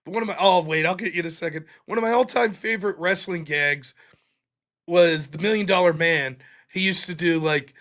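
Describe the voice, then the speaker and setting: High bright-voiced man chatting on a stream. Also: moderate pace. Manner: rambling storytelling, laughs often, swears. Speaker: livestream host. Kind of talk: casual livestream chat reading chat.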